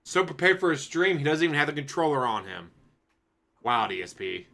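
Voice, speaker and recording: A man's voice: a little high, very animated, fairly quick, vocal fry, sharp tone. A man commenting sarcastically over a stream and mocking the streamer.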